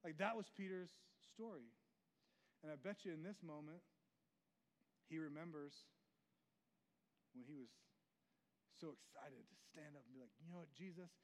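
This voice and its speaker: A man delivers a sermon as a pastor, telling the story conversationally and speaking directly to the congregation. His voice sits a little high for a man. The long reverb of a large hall trails after every phrase. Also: measured pace, pauses often.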